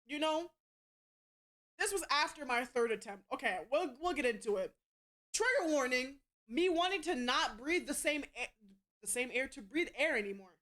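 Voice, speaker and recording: A woman's voice: sits high, lively intonation, normal speed, a bit bright. A young adult woman streamer in casual chat, blunt and rambling, cussing freely. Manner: blunt and heavy on profanity; rambling with frequent restarts.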